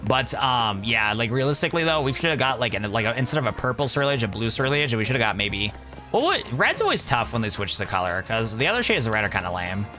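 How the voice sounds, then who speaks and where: Young male streamer, loose and rambling, bright edge, mid pitch. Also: very animated, quick pace, faint music behind. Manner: rambling, laid-back, calls chat "bro". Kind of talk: casual live-stream chat.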